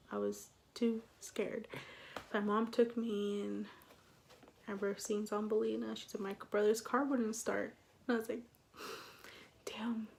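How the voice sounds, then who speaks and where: A young woman in a casual storytime vlog, animated and swearing, acting out what people said. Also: medium pitch. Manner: animated, swearing, acts out quotes with laughs. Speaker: vlogger.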